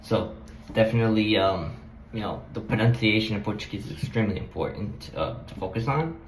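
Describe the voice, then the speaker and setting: A man's voice: fairly low pitch, a little fast, slight background noise. A man talking about languages in a casual, rambling way, hesitant, with many fillers and restarts. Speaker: language-learning vlogger. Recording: echoey room with faint background ambience.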